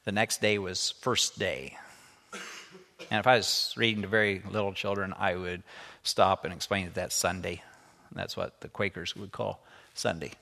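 A man's voice: deep voice, flat delivery, moderate pace, vocal fry, sharp tone. A man teaching a lesson, reading a children's story aloud and stopping to explain it. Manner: explanatory, stops to comment. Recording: echoey room with long reverb.

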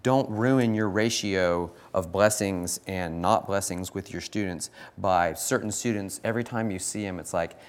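A middle-aged man, a choir teacher, giving an animated church talk full of stories, laughing often and acting out the exchanges he recounts. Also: low-pitched, normal speed, hardly any pauses. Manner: animated, self-deprecating, laughs often, acts out quoted exchanges. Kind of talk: sermon-style talk with anecdotes.

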